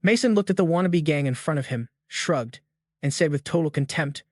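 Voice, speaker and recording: A man's voice: fairly high pitch, normal speed, no echo, clean studio sound. A man narrating a story recap in a scripted, slang-heavy style with jokey asides.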